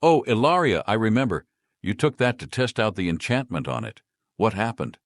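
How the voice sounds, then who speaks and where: A man's voice: fairly low pitch, animated, normal speed, no echo, studio quality, pitched above the performer's own voice, lightly acted. A man voicing a good-humored male enchanter who runs a shop, speaking easily and wryly. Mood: startled. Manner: easygoing, wry.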